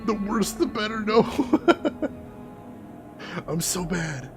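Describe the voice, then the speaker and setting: A man giving casual, excitable commentary while playing a video game. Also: high voice, moderate pace, over music. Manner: excitable, jumpy exclamations. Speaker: gaming streamer. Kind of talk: casual let's-play commentary.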